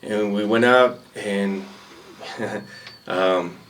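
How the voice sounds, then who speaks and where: A man's voice: fairly low pitch, drawn-out words, a bit bright, far from the mic. A man guest telling casual stories, rambling and laid-back. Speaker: podcast guest. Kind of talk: casual storytelling. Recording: voice a bit off-mic.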